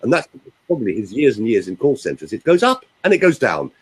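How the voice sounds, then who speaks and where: A man's voice: medium pitch, husky, low-quality recording. A man coaching on voice use in an emphatic, demonstrative way, speaking on a group call. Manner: emphatic, animated, demonstrating pauses.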